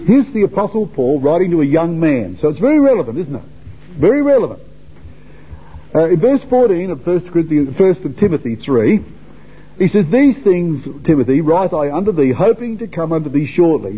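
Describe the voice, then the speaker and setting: A man's voice: fairly high pitch, sing-song, normal speed, husky. An older man from Australia giving an informal Bible talk to young men, chatty, repeating words and putting questions to his listeners. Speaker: Bible class teacher. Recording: dull lo-fi recording.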